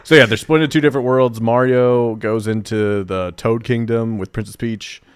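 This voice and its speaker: A man co-hosting a casual movie podcast, laid-back and quick to laugh. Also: mid-range voice, steady tone, smooth, no echo. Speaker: podcast co-host. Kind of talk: casual chat.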